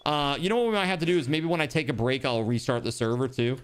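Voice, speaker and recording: A man streaming a game live, chatting casually with his viewers and thinking out loud. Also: medium pitch, quick pace, clean tone. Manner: chatty, talks to chat, trails off and restarts. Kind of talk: casual live-stream chat while gaming.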